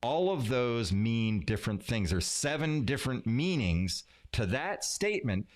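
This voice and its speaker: A leadership and communication coach teaches communication skills in a live-streamed lesson, recorded on a streaming setup. He's animated, varying his pauses, loudness, pitch and emphasis for effect.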